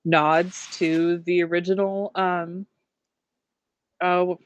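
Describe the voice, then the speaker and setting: A guest co-host chatting casually on a game stream, halting with lots of ums and laughing easily. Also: medium pitch, little pitch movement, lo-fi sound, faint music behind. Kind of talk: casual chat.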